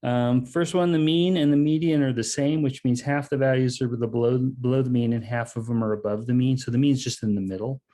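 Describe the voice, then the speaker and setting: A male math instructor gives a lecture over a video call. His voice is mellow and warm, and his pitch sits at an ordinary middle level. He talks casually and works through each idea step by step. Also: fairly even intonation, brisk, few pauses. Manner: casual, explains step by step with frequent "okay" and "um". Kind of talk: online lecture.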